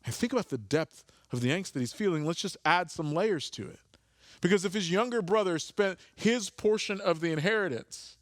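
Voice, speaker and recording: Pastor guy giving a sermon, kinda high voice, earnest, repeats words a lot, dry close sound. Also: lively intonation, moderate pace, fairly bright tone, dry recording. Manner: earnest, repeats words while searching for the phrase.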